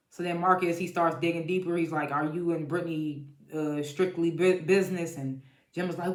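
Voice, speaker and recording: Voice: mid-range voice, moderate pace. Profane TV recapper in an echoey room. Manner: blunt, profane, laughs often while retelling. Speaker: TV show reviewer. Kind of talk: casual episode recap.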